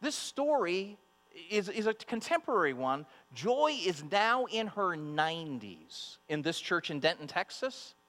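High-voiced preacher in a reverberant hall. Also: male voice, very animated, a little slow, a bit bright. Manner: emphatic, repeats phrases, speaks directly to the women in the room. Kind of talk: sermon. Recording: long hall reverb with mains hum.

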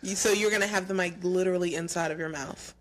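A woman's voice: lowish voice, fairly even intonation, fast talker, background noise. A tired young woman co-hosting a podcast, teasing and profane in casual banter. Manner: profane, teasing, drifting into a breathy late-night DJ voice. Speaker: podcast co-host.

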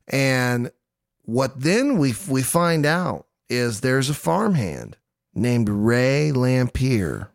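A man in his thirties hosts a podcast in a very animated, creaky, medium-pitched voice, drawing out his words. The clean studio sound has no room sound. Casual and self-deprecating, he tells a true-crime story and acts out quotes in goofy voices.

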